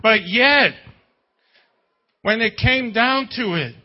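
A man's voice: very high-pitched, expressive, takes it slowly, lo-fi sound. A man preaching a sermon as pastor, talking in a conversational way with jokes and rhetorical questions.

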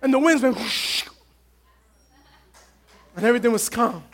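Male pastor, sermon, impassioned, calls out to the church, very high voice. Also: measured pace, fairly bright tone.

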